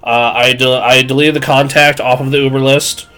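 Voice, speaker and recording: A man's voice: mid-range voice, level tone, normal speed, pushed and bright, clean tone. A man in his twenties telling a crude, self-mocking story on a live stream, full of fillers and rambling asides.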